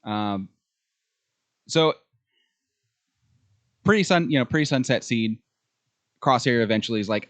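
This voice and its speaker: A man co-hosting a podcast, chatting casually and excitedly about a show, with many ums. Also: mid-range voice, unhurried, long pauses. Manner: enthusiastic fan talk with frequent fillers. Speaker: podcast co-host. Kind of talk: casual chat.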